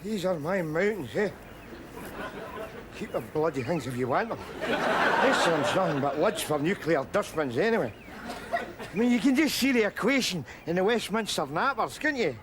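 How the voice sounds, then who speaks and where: A man's voice: sits high, sing-song, normal speed. A middle-aged man with a broad Glaswegian accent, playing a brash, combative street philosopher who rants in mock-grand speeches in a TV sitcom. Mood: ranting. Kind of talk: sitcom acting. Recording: TV sitcom audio with background noise.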